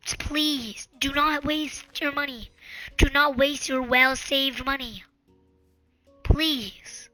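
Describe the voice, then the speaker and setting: High, slow-talking earnest woman. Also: fairly even intonation, pushed and bright, dry recording, soft background music. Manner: earnest, pleading, repetitive. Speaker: channel host. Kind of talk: casual advice monologue.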